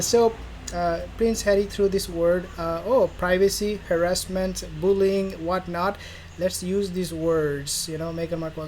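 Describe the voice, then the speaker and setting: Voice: medium pitch, a little mellow, low-quality recording. Sarcastic, rambling royal news commentator. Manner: rambling, sarcastic, acts out imagined dialogues. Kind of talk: casual commentary vlog. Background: faint background noise.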